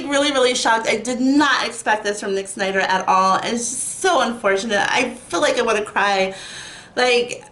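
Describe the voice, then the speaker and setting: A woman's voice: mid-range voice, moderate pace, a bit bright. A young woman rants in a vlog, sounding upset, emphatic and rambling. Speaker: YouTuber. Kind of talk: ranting vlog. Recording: echoey room.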